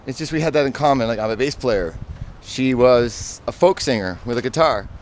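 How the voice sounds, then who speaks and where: A medium-pitched man speaks animatedly at a moderate pace, with outdoor traffic noise in the background. His casual monologue of personal stories meanders, and he often corrects himself and drifts into asides.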